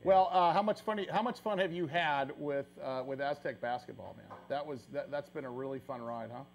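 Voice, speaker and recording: A male radio host chatting eagerly, jumping in with excited questions. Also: medium pitch, brisk, a little hiss or hum. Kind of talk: casual radio talk.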